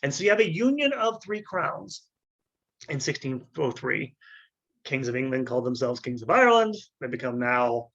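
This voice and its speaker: Male lecturer, mid-pitched, halting delivery with restarts, throat clearing, dull lo-fi sound. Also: sing-song, fairly bright tone. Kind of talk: unscripted history lecture.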